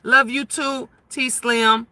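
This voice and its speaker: A woman in her fifties talking loudly and emphatically on a casual livestream, chatting and answering viewer comments. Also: a little high, fairly even intonation, slow, no room sound. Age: 50s. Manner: loud, emphatic talker who gets louder when emotional.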